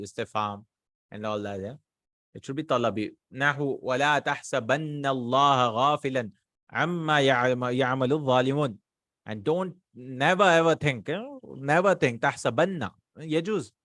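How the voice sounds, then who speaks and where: A man teaching a grammar lesson, explaining quickly and checking in often with the students. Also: fairly high pitch, fairly bright tone, no room sound, studio quality. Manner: quick explaining with frequent checks like "right?" and "hmm?". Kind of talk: recorded online lesson.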